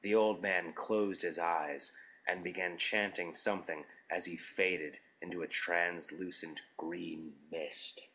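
A man narrating a scripted story in a measured, deliberate storytelling manner. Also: low-pitched, fairly even intonation, pushed and bright, poor audio.

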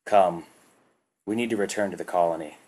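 A man's voice: deep voice, brisk, a little mellow. Stern insectoid alien commander, audiobook, barking orders, performed by a man. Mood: grim.

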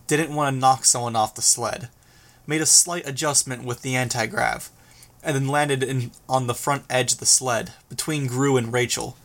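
A man reading a novel aloud as narrator, with steady, measured delivery. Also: mid-range voice. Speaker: audiobook narrator. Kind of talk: scripted narration.

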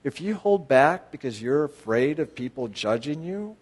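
A man with a slightly high, expressive, breathy-edged voice addresses participants at a spiritual retreat he leads, speaking at normal speed. He talks bluntly, fires rhetorical questions at the group and breaks into sudden emphatic bursts.

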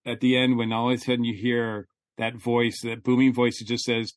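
A man's voice: medium pitch, flat delivery, brisk, no echo. Gushing male podcast co-host, dry sound. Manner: enthusiastic, gushing, restarts often. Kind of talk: casual fan chat.

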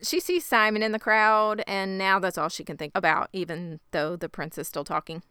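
A woman's voice: medium pitch, moderate pace, pushed and bright, smooth, dry recording, studio quality. A woman in casual conversation, recapping a show's plot with wry asides.

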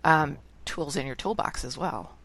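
A woman hosting a podcast, asking curious questions in a relaxed conversational way. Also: low voice, unhurried, creaky. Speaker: podcast host. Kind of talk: casual interview.

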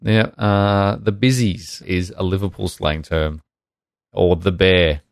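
A man's voice: low voice, steady tone, slow pace, no room sound. A man co-hosting a casual gaming podcast, chatting and reading listener emails aloud. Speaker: podcast co-host. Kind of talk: casual chat.

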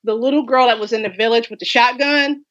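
A woman's voice: a little high, fast, a bit bright, dull audio. A woman horror writer speaking from home in an effusive, rambling, casual interview chat.

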